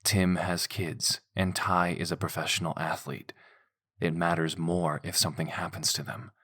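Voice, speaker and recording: A man voicing an easygoing but stubborn young man in an audiobook, talking in a low, blunt, offhand way. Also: level tone, moderate pace, sharp tone, slightly rough, heavily acted. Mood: defensive.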